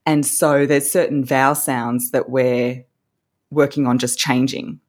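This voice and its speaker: An Australian woman talks as a voice coach on a podcast. Her voice sits low and carries a husky edge. She explains with animation and laughs often. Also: flat delivery, measured pace, a little mellow. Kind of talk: podcast interview guest.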